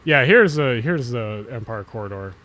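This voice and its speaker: A man's voice: mid-range voice, expressive, moderate pace, fairly bright tone. A man with a Jersey and Philly area accent chatting casually on a late-night livestream, rambling, swearing and running his words together. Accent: New Jersey/Philadelphia. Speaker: streamer.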